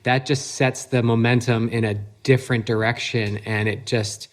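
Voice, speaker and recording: A man's voice: medium pitch, fairly even intonation, normal speed. Chatty guy host, hyped up and encouraging, rambles on, mid-range voice. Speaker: podcast host. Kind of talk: casual interview chat.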